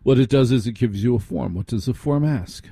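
A man's voice: medium pitch, brisk, creaky, dark tone, slightly rough, no room sound. A man hosting a late-night radio talk show, speaking conversationally, repeating phrases for emphasis and asking listeners rhetorical questions. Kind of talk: radio monologue. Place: radio studio.

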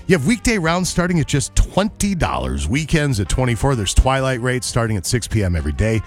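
A man's voice: mid-range voice, big pitch swings, a little fast, faint music behind. A man hosting a morning radio show, chatty and wry, reading ads and news. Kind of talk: casual radio banter and live reads.

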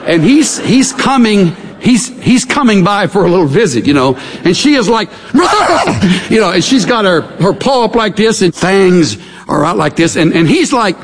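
A man preaching a conversational sermon in a folksy, animated way. He acts out scenes and reads scripture aloud. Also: high voice, moderate pace, hardly any pauses, slight background noise. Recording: long hall reverb.

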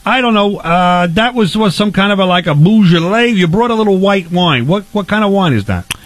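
A man doing a loud, brash barbecue host. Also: high-pitched, animated. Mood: jovial. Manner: blustery, mocking, rapid-fire questions.

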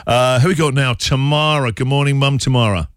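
A male radio breakfast host bantering with callers, quick with teasing asides. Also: medium pitch, steady tone, no room sound, clean studio sound.

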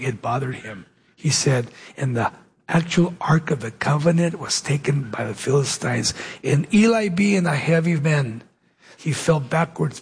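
A man preaching a sermon, telling the story with dramatic pauses and acting out the dialogue in his own voice. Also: fairly high pitch, gravelly, slightly rough.

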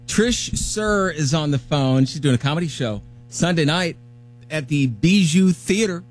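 A man's voice: a little high, lively intonation, unhurried, faint music behind. A man hosting a radio talk show, chatting in an easygoing, chummy way. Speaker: radio host.

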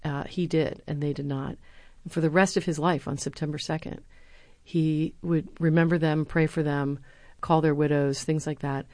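A woman's voice: sits low, moderate pace, dry recording. A middle-aged woman, a former speechwriter and university lecturer, answering interview questions and telling stories in an earnest way. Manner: earnest, animated when quoting others.

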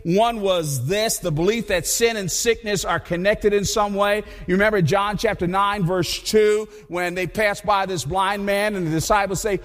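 High-voiced preacher in a reverberant hall. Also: male voice, normal speed, few pauses, soft background music. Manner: conversational, repeats himself, animated storytelling. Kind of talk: sermon.

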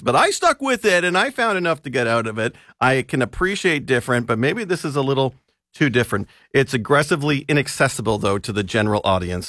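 A man's voice: mid-range voice, dry recording, studio quality. A man co-hosting a radio show in casual chat, talking with frequent restarts and easy laughs. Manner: animated, hesitant restarts, laughs easily. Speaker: radio co-host and film reviewer.

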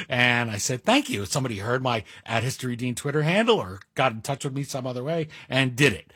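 A man's voice: medium pitch, a bit bright, husky, dry recording, clean studio sound. A middle-aged man guest hosting a talk radio show, speaking in a wry, self-deprecating monologue with asides. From Greek heritage. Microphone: studio mic.

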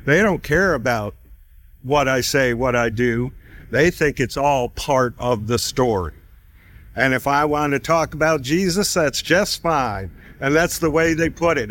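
A man's voice: medium pitch, a little slow. A man casually telling a personal faith story, acting out the people he quotes and laughing now and then. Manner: animated, acts out quoted voices, laughs often. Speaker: storyteller sharing testimony.

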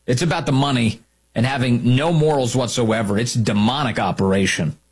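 A man's voice: mid-range voice, a little fast, breathy edge. A man hosting a talk show, delivering an emphatic, opinionated monologue and repeating key lines for effect.

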